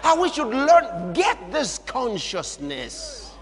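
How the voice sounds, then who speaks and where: A man preaching a sermon, swinging from quiet murmurs up to shouts. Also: extremely high pitch, wildly swooping pitch, slow pace. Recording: long hall reverb.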